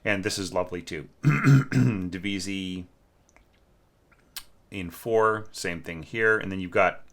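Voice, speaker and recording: Deep, bright-toned man critiquing a score. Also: slow. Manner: candid and conversational, sings passages, many fillers. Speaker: orchestration teacher. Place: home room with a snoring cat.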